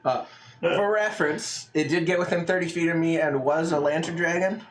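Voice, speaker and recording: A man's voice: on the high side, moderate pace, a little hiss or hum. A man playing a tabletop game, joking and laughing often. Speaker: player. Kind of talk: casual tabletop game play.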